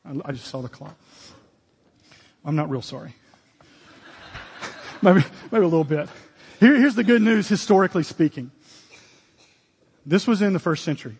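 A man's voice: on the high side, animated, normal speed, pauses often, darkish tone, breathy edge, in a large hall. A man preaching a sermon as pastor, earnest and direct, with sudden emphatic exclamations.

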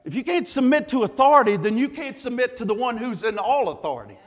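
A man pastor preaching a sermon with an emphatic, repetitive cadence that climbs to shouts. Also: very high-pitched, animated, fast talker. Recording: long reverb of a large hall.

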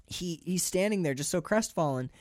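Man, casual film talk, animated and profane, dry close sound. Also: sits high, moderate pace, dry recording. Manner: animated, profane, restarts often. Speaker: podcast co-host.

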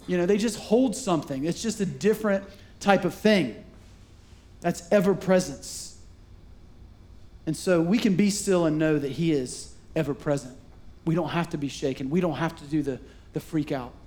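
A middle-aged man with a high-pitched voice preaches a sermon in a church sanctuary. He tells stories and acts out the voices of the people in them, speaking into a stage microphone. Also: a little fast. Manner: animated storytelling with acted-out voices. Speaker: pastor.

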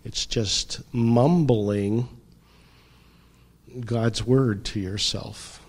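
A middle-aged man preaching a sermon, reflective and unhurried, often pausing and letting his voice drop softly. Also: lowish voice, fairly even intonation. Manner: slow, reflective preaching with pauses and soft drops. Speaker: pastor.

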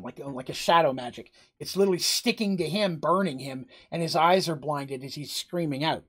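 A game master improvising the narration of a tabletop fight, describing each blow vividly and often restarting a phrase mid-sentence. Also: medium pitch. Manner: vivid, blow-by-blow combat storytelling with frequent restarts.

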